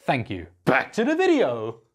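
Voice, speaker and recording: A woman's voice: rumbling low, huge pitch swings, normal speed, husky. A woman hosting an art channel, talking in an upbeat, enthusiastic and jokey way through a casual vlog and sponsor read.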